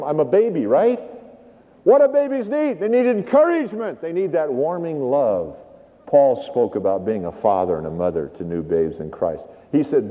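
A man preaching a sermon as pastor, emphatic and animated, telling stories to make his point. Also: fairly high pitch, fairly quick. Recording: tinny, phone-like, hall reverb.

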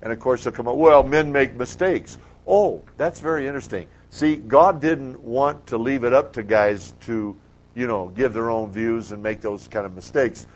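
A man's voice: mid-range voice, moderate pace. A man teaching a classroom Bible lecture, emphatic and quizzing the class with questions. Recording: muffled lo-fi classroom recording.

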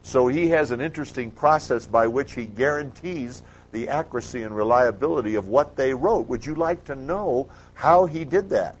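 A man's voice: medium pitch, moderate pace, hardly any pauses, a little hiss or hum. A man teaching a classroom Bible lecture, emphatic and quizzing the class with questions. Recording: muffled lo-fi classroom recording.

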